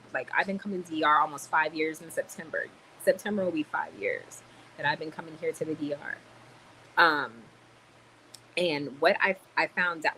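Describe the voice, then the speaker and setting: New woman venting on her vlog, lowish voice, blunt and fired up, faint room hum behind. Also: poor audio. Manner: animated, blunt, swears and apologizes for language. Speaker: vlogger. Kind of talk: casual ranting vlog. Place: home in the Dominican Republic, quiet ambience.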